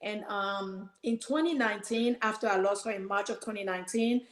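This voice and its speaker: A woman's voice: mid-range voice, moderate pace, reverberant. A woman guest on a podcast, telling a personal story earnestly and animatedly, quoting her own prayers.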